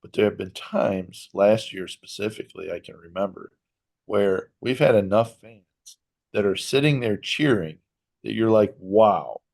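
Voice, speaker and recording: Gravelly, low-voiced podcast co-host. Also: male voice, darkish tone. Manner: measured and earnest, stressing his points with care. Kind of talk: casual sports podcast chat.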